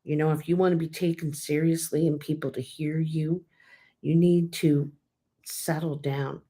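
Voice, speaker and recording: A woman's voice: low voice, level tone, moderate pace, mellow. A woman hosting her own vlog, talking in a candid, casual way with many fillers and restarts. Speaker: tarot channel host. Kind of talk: casual personal vlog talk.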